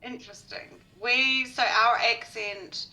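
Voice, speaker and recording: A woman's voice: a little high, fairly even intonation, slow pace, sharp tone, low-quality recording. A woman from New Zealand with a New Zealand accent, chatting casually and joking while playing a game. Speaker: guest player. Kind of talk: casual gaming chat.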